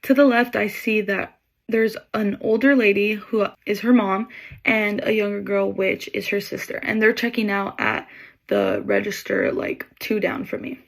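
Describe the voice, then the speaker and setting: A woman's voice: medium pitch, fairly even intonation, normal speed, creaky. A young woman casually telling a story from her retail job, acting out what each person said. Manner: chatty, acts out customers' lines in quotes. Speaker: Sephora employee telling a story.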